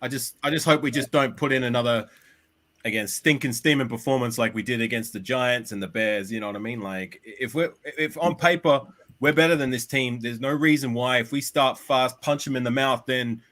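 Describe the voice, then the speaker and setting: A friendly man with an Australian accent joins a casual sports chat as a guest, his voice at an ordinary middle pitch. He is polite and quick to laugh. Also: a bit bright.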